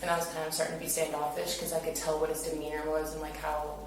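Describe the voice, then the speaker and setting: A woman's voice: low-pitched, monotone, fast. A young woman casually retelling events, chatty and full of fillers, acting out what others said. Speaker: interviewee recounting an incident. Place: interview room. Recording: echoey room, far from mic, hiss.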